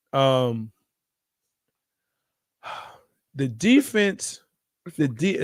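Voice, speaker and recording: Lively, teasing man on a sports podcast. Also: mid-range voice, no room sound, studio quality. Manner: teasing, laughs often, animated. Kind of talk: casual sports debate.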